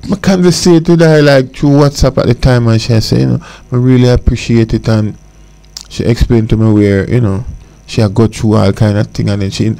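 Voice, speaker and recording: A man with a Jamaican accent talks in a radio studio. His voice is low-toned, mellow and gravelly, and he laughs while telling a story. The talk is casual. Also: fairly even intonation, a little fast. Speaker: studio guest. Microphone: studio mic.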